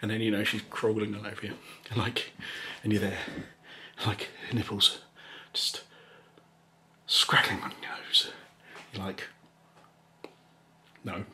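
Chuckling man, soft rambling voice. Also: lowish voice, level tone, slow, pauses often, a little hiss or hum. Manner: rambling and chuckling, drops into whispers. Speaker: ASMR channel host. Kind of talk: casual storytelling, soft spoken.

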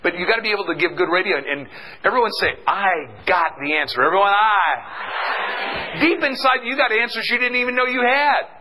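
A middle-aged man giving an energetic motivational seminar talk, calling out questions for the audience to answer. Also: very high voice, fast, background noise. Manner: energetic, call-and-response with the audience. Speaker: seminar speaker.

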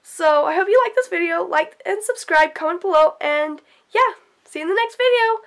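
A woman vlogger narrating an unboxing, gushing and repeating excited exclamations. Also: very high voice, a little fast. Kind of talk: unboxing vlog.

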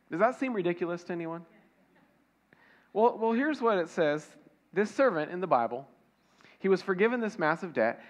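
A man's voice: on the high side, expressive, moderate pace, lo-fi sound. A man preaching a conversational sermon, asking the congregation questions and acting out little dialogues. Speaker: pastor.

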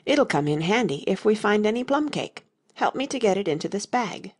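A woman's voice: mid-range voice, big pitch swings, normal speed, pitched above the performer's own voice. A woman voicing a fussy, earnest old male knight inventor in an audiobook reading. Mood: anxious. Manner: earnest, anxious, solemn.

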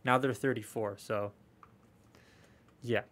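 A man's voice: mid-range voice, fairly even intonation, slow pace, a bit bright. A young man chatting casually on a live stream while unboxing collectible toys, rambling, swearing freely and answering viewer comments.

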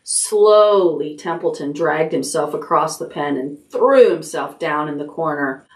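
A woman, a children's librarian, reading a chapter book aloud at bedtime in a gentle, expressive way. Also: low voice, a little slow, recorded from a distance.

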